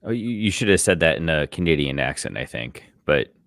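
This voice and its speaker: A man's voice: very deep voice, big pitch swings, brisk, fairly bright tone, dry recording, clean studio sound. A man co-hosting a sports podcast, talking casually in a wry, reasoning way. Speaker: podcast co-host.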